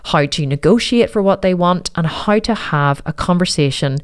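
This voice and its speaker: A woman's voice: on the low side, moderate pace, clear, resonant tone. Chatty, earnest middle-aged woman. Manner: chatty, earnest, with frequent restarts. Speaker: host. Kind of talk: storytelling advice talk.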